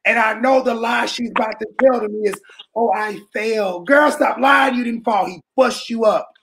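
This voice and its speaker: A man giving an impassioned, preaching-style talk, colloquial and animated, often shouting for emphasis to his listeners. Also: extremely high pitch, moderate pace, gravelly, a little hiss or hum. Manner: colloquial, calls listeners "baby" and "y'all". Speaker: speaker addressing a church audience.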